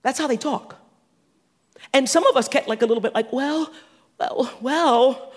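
A man preaching a sermon, animated, swinging between loud and hushed with quick asides. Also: very high voice. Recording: long reverb of a large hall.

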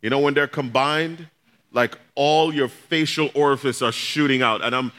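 A man's voice: mid-range voice, normal speed, bright, forceful tone. A man pastor preaching a sermon, telling a personal story in a conversational way and speaking directly to his congregation.

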